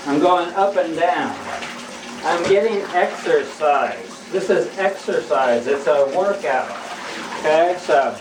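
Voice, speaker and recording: A man's voice: on the high side, recorded from a distance, noisy background. A man casually rambling and preaching while he demonstrates washing laundry by hand in a bathtub, with lots of restarts. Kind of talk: casual how-to vlog. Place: bathroom, washing clothes in a tub. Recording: echoey bathroom, off-mic, running water.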